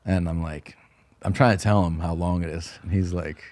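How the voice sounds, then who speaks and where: A man guest telling a casual, animated story, acting out quoted dialogue and laughing often. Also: low voice, moderate pace, gravelly. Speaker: guest comedian.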